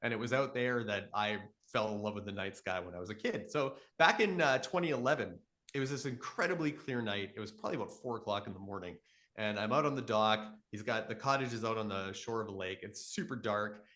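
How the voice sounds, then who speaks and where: A man in his thirties from Canada, explaining astronomy with enthusiasm in a live question-and-answer session and telling stories with lively voices. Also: on the low side, fairly quick. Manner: enthusiastic storytelling, animated voices in quotes. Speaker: astronomy educator.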